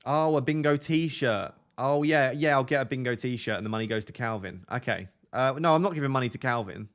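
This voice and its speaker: A man with a nasal voice chatting loosely through a desk microphone during a live stream. He sits at an ordinary middle pitch and hops from joke to joke. His tone is relaxed and playful as he talks to his chat. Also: a little fast. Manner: chatty, jokey, drifts between topics. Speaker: fantasy football live streamer. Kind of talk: casual live stream, reading chat aloud.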